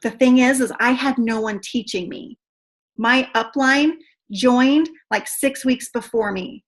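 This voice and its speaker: A woman's voice: a little high, unhurried. Upbeat woman trainer, gushing and talkative on a video call. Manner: chatty and excitable, says "you guys" a lot. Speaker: team trainer.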